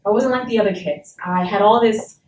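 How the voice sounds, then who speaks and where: A woman's voice: mid-range voice, a little fast. Blunt woman telling her story in a roomy classroom. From Saint Thomas, US Virgin Islands. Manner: blunt and emphatic, swears freely. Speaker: guest speaker. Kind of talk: personal story told to a class. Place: university classroom. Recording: roomy and distant, faint background noise.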